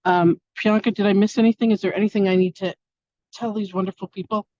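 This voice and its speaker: A woman's voice: medium pitch, steady tone, quick pace, dark tone, no echo. A woman hosting an online spiritual masterclass over a video call, talking in a casual, effusive and affectionate way. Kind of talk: casual live-stream chat. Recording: dull lo-fi stream audio.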